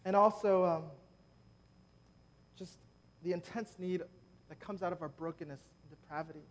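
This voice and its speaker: A man's voice: high voice, moderate pace, slight background noise. A man preaching a sermon in a conversational way, making joking asides to the congregation at a church gathering. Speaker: preacher leading prayer.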